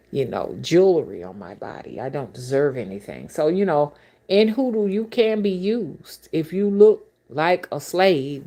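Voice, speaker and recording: A woman with a notably low voice talks casually to her viewers as a spiritual reader. Her storytelling is blunt and colorful. She breaks in with exclamations and asides to the audience. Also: a little mellow.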